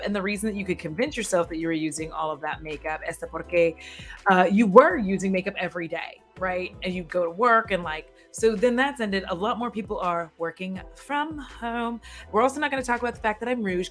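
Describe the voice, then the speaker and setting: A woman beauty creator chatting casually and frankly to her viewers, swearing and laughing often. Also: fairly low pitch. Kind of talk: casual livestream chat.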